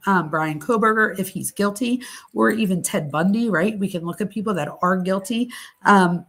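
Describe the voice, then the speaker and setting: A woman's voice: medium pitch, fairly bright tone. A middle-aged woman hosting a live psychology talk stream, speaking candidly and chattily with casual swearing. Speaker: host.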